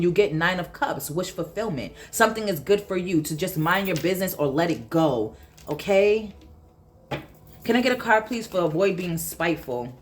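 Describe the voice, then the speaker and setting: A woman's voice: on the low side, darkish tone, slight background noise. A woman giving a casual tarot reading, emphatic and blunt, repeating her points and swearing freely. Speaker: tarot reader.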